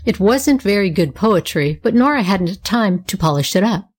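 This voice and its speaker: A woman narrating a children's storybook with a lively, expressive reading. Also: medium pitch, normal speed, breathy edge.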